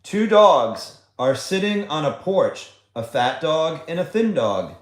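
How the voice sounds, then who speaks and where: A man's voice: fairly high pitch, very animated, takes it slowly. A man hosting a casual trivia livestream from home, chatty, fond and coaxing as he talks. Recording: echoey room.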